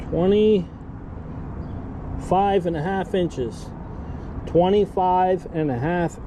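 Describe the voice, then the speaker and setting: The background is noisy as a man with a slightly high voice films himself fishing outdoors on a riverbank. Breathless, this fishing vlogger gives live commentary on landing a fish, coaching viewers he calls "guys."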